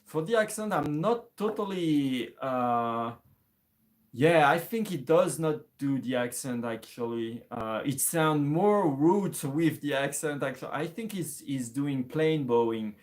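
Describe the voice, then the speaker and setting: A man's voice: a little high, lively intonation, a little slow. A man giving a casual music lesson, thinking aloud, hesitating and restarting with many fillers. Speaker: music teacher.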